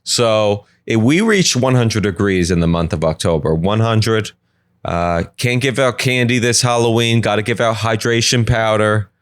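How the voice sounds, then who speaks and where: A man hosting a solo comedy podcast from his apartment, rambling from joke to joke with quick asides. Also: on the low side, no echo, clean studio sound. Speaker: podcast host.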